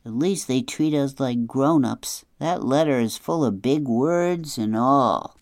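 A woman's voice: extremely low pitch, animated, slow, a little mellow, dry recording, clean studio sound, heavily acted. A woman voicing a practical young boy with a matter-of-fact, teasing way of talking.

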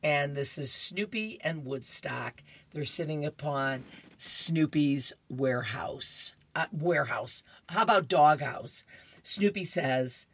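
A woman's voice: low-pitched, measured pace, breathy edge, no room sound. A woman reading horoscopes and comics aloud for a radio reading service, with cheerful chatty asides.

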